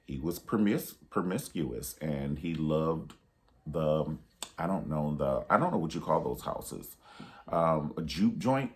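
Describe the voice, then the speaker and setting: A man giving a casual movie review monologue, sassy and emphatic, repeating himself for emphasis and dropping pet names. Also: rumbling low.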